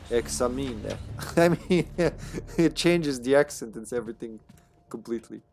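A man's voice: medium pitch, a little slow, darkish tone, a little hiss or hum. A man with a Serbian accent, a native Serbian speaker, chatting casually and laughing often as he livestreams a game. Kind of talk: casual gameplay commentary.

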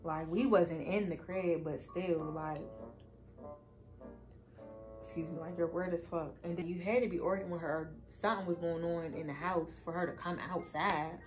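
Swearing, chatty woman with a lowish voice. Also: steady tone, normal speed, few pauses, over music, low-quality recording. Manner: chatty, cursing freely, addresses viewers as y'all. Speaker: vlogger. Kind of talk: casual storytime.

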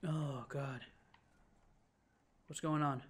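A young man narrates a horror game as he plays, cursing and joking his way through the scares. His voice sits a bit high, and he swings from loud yelps to quick, nervous mumbling. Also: level tone, breathy edge. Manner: profane, jumpy, jokey running commentary; swings between loud outbursts and nervous mutters. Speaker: let's play gamer.

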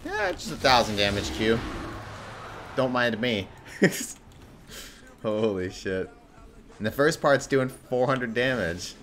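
Excitable man yelling over his gameplay. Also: mid-range voice, takes it slowly, pauses often, slight background noise. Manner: excitable, swearing, bursts into yelling. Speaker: gameplay streamer. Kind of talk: live gameplay commentary.

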